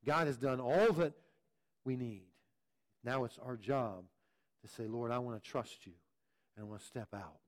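A man's voice: mid-range voice, normal speed, long pauses. A man preaching a sermon, teaching in an earnest way and often repeating words as he restarts. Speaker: pastor.

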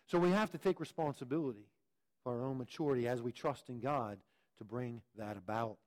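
A man's voice: mid-range voice, brisk, darkish tone. A man preaching a sermon, teaching in an earnest way and often repeating words as he restarts. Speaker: pastor.

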